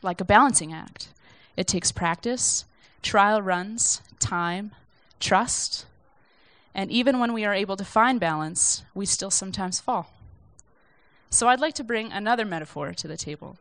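A woman's voice: mid-range voice, measured pace, fairly bright tone, no echo. A young woman giving an informal sermon from notes in a conversational, reflective, self-deprecating way. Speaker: speaker sharing a church message.

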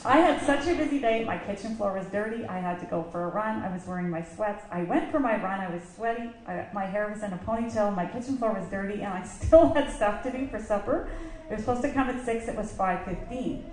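Animated woman telling a story in an echoey hall. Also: medium pitch, a little fast. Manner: animated, laughing often, acts out quotes. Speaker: church member sharing a story. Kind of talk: casual storytelling. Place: church hall. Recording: echoey hall with faint noise.

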